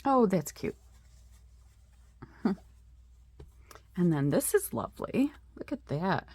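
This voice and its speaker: A woman's voice: mid-range voice, sing-song, slow pace, a little mellow, slightly rough. A middle-aged woman in a casual craft show-and-tell, chatting with lots of fillers and admiring asides. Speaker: craft vlogger.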